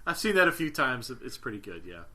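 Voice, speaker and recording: A man's voice: medium pitch, sing-song, fairly quick, a crowd in the background. A man co-hosting a podcast in casual chat, teasing his partner and laughing easily. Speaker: podcast co-host.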